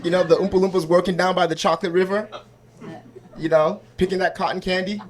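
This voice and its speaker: A man's voice: sits high, fairly even intonation, fast talker. A man doing a stand-up set at an open mic in a small comedy club, talking conversationally and often checking in with the crowd. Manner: conversational, asks crowd for agreement.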